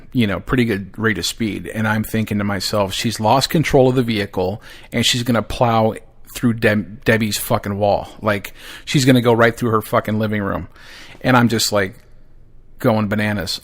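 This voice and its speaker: A man in his forties, a podcast host telling a story in a casual, profane way, laughing as he goes and acting out his own shouting. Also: mid-range voice.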